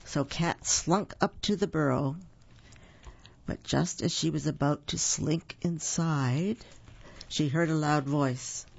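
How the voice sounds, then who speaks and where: A reader reading picture books aloud to children, gentle with explaining asides. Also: mid-range voice, slow pace, creaky, husky. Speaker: storybook reader. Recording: dull lo-fi recording.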